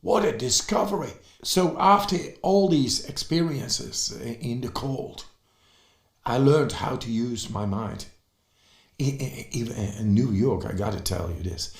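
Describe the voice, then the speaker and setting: Guy, excited talk full of uhs and restarts, slow, roomy echo. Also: mid-range voice, vocal fry. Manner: excited, halting with fillers and restarts. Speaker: speaker on breathing and cold. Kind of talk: motivational talk. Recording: echoey room.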